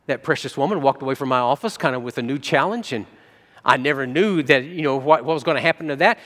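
A man's voice: medium pitch, quick pace, fairly bright tone. A man preaching a sermon as pastor, telling stories earnestly with frequent restarts. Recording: long hall reverb.

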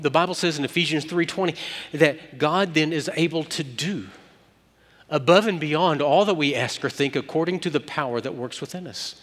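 A man preaching a sermon, moving between loud emphatic peaks and hushed quiet passages. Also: a little high. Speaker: pastor. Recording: long hall reverb.

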